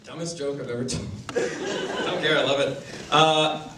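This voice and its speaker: A man's voice: on the high side, steady tone, noisy background. Young man doing dry stand-up. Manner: dry, halting delivery with many fillers. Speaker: stand-up comedian. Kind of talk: stand-up comedy set. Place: small live venue with an audience. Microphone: distant camera mic. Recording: echoey room from far off. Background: audience laughter.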